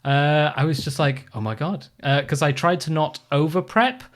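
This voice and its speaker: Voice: mid-range voice, fairly even intonation, moderate pace. A podcast host chatting casually with co-hosts, rambling and self-deprecating with many fillers.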